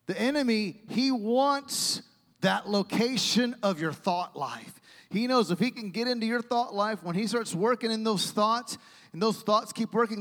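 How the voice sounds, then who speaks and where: A male pastor preaches a sermon, telling stories with energy and calling out to the congregation. His voice sits high for a man. A long reverb from the church hall trails each phrase. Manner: animated storytelling with asides to the congregation. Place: church sanctuary.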